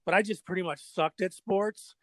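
Middle-aged man telling animated stories. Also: sits high, normal speed, no room sound. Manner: animated storyteller, acts out voices and sound effects. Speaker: guest, drummer and former pro skateboarder. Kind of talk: casual storytelling interview.

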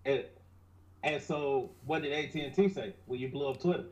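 A man's voice: mid-range voice, normal speed, darkish tone, highs cut off. A man co-hosting a podcast, cutting in with short, probing questions during casual chat. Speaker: podcast co-host.

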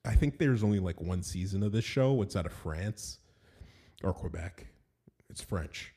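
A man's voice: low voice, lively intonation, a little slow, mellow, breathy edge. A man hosting his own podcast in a casual, rambling monologue, often laughing at himself. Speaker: podcast host and animation studio owner.

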